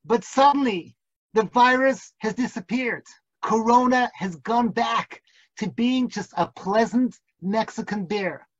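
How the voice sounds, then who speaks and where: A man's voice: extremely high pitch, measured pace, no room sound. Give me a man teaching a class over a dull, lo-fi video call, building suspense like a storyteller. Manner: vivid, builds suspense, hams up national accents for laughs. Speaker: rabbi teaching an online class. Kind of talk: dramatic storytelling lecture.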